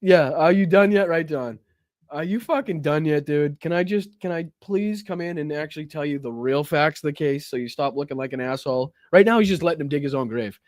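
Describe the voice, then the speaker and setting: Man, livestream host, fired-up and cussing, slightly high voice, dry close sound. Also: brisk, dry recording. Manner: heated, profane, mocking. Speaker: political talk show host. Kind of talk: livestream reaction commentary.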